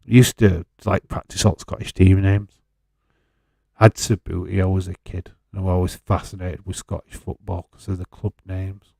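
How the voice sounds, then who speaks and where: A man with a lowish, gravelly voice talks slowly and chattily through a live wrestling watch-along. He wanders off into tangents and swears casually. The sound is close and dry. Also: little pitch movement, warm tone, no room sound. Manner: rambling, chatty, swears freely. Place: home in Fife.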